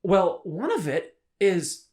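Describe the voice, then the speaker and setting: A young man co-hosting a podcast, making political points in an animated, argumentative way and laughing often. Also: high voice, slow. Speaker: podcast co-host. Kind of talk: casual political talk.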